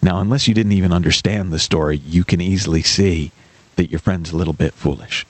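A man's voice: low voice, brisk, dry recording. A man hosting a radio coaching show, telling a story in an emphatic, storytelling manner and acting out the characters in it. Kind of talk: radio call-in show monologue.

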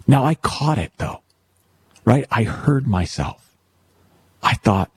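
A man's voice: medium pitch, slow pace, long pauses, husky, no room sound. A man giving a storytelling talk about worry, acting out jokes with little voices. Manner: tells jokes with acted voices, animated. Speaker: speaker on worry and thinking.

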